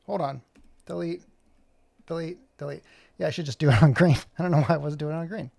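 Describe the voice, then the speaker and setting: Brisk and creaky, with a slightly high pitch and darkish tone, a middle-aged video creator narrates his animation work in a screen-recorded tutorial. He keeps up a chatty, self-mocking commentary and mutters to himself throughout.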